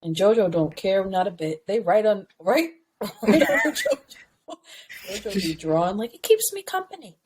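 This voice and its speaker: A woman co-hosting a podcast, telling stories in a casual, slangy, animated way with frequent laughter. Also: mid-range voice, unhurried, slight background noise. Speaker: podcast co-host. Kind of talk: casual chat, storytelling.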